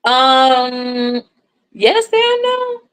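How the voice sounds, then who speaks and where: This crochet content creator is telling a story on a casual livestream chat, animated as she voices the dialogue and swears offhandedly. She speaks very slowly in a high-pitched, clean-toned voice, captured in a low-quality recording.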